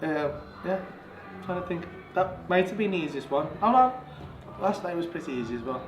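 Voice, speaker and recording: A young man doing stand-up storytelling, animated, swearing constantly and laughing through his lines. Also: high-pitched, fairly quick, reverberant, long reverb tail, soft background music. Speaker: stand-up comedian. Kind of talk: stand-up storytelling, then casual chat. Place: live venue stage.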